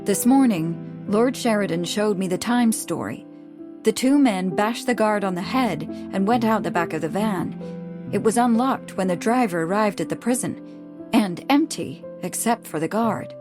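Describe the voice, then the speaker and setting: A woman reading a calm, quiet noblewoman. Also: mid-range voice, over music, natural voice. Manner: quiet and measured. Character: composed aristocratic Victorian lady, calm and direct.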